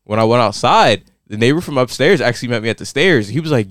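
Animated young man telling a story. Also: fast, no echo, clean studio sound. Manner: animated, acts out quotes with big pitch jumps. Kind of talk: casual storytelling chat.

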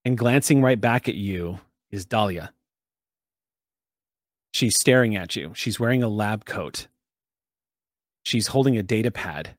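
A man's voice: fairly low pitch, unhurried, pauses often, no room sound, studio quality. A man narrating a tabletop game as game master, descriptive and conversational.

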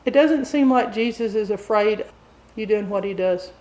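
A woman preaching a sermon, telling a story with animated delivery that climbs high and loud at dramatic moments. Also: moderate pace, echoey room, low-quality recording.

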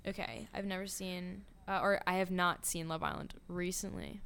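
A young woman in casual podcast chat, rambling and swearing, often dropping into quiet trailing asides. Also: on the low side, lively intonation, normal speed, vocal fry, clean tone. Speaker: podcast co-host.

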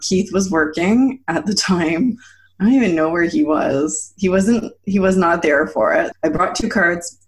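A woman in her thirties, telling a personal story in a casual chat, animated and laughing often as she acts out quotes. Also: on the low side, a little slow. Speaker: guest.

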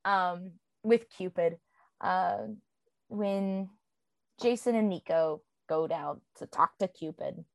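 A woman's voice: lowish voice, slow pace, dry recording. Rambling woman podcast host, dry sound. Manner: rambling, full of "um" and "like". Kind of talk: casual book discussion.

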